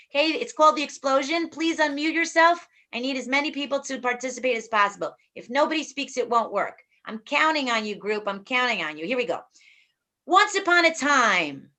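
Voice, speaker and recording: A woman's voice: high voice, pushed and bright. A woman in her forties hosting an online group workshop over a video call, upbeat, playful and encouraging.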